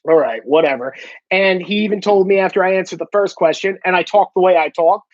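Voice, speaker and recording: Talking a little fast in a high-pitched voice, an independent journalist and vlogger with a heavy New York–New Jersey accent airs his opinions bluntly and with plenty of profanity. There's no echo, and the recording is dry, dull and lo-fi.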